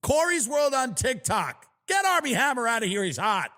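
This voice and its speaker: A man hosting a comedy podcast, ranting in a loud, mocking, exaggerated way. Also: very high voice, big pitch swings, moderate pace. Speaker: podcast host. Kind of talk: comedic rant.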